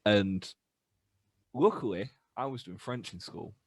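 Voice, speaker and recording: A young British man in a band, casually telling animated stories on a podcast and acting out the voices. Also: lowish voice, slow, breathy edge, no room sound. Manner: animated anecdotes with laughs and acted-out voices. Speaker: band member podcast host. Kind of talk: casual storytelling chat.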